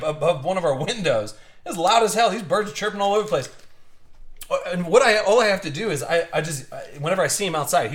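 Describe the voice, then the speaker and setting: A man's voice: sits high, fairly bright tone. A young man hosting a live card-opening stream, chatting casually and rambling through stories with lots of restarts. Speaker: card break host.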